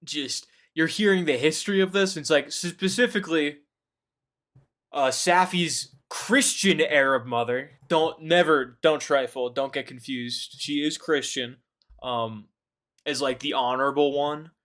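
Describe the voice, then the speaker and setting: A man hosting a casual podcast chat, retelling a book with swearing, jokes and loud mocking voices for the characters. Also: on the high side, a little slow. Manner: profane, jokey retelling with loud mock voices. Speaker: podcast host.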